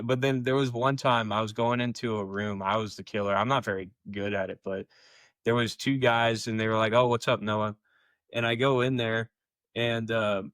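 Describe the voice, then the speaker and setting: A man's voice: medium pitch, fairly bright tone, no room sound. A young man co-hosting a podcast, telling casual, rambling stories full of fillers. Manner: rambling, filler-heavy storytelling. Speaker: podcast co-host. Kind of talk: casual storytelling chat.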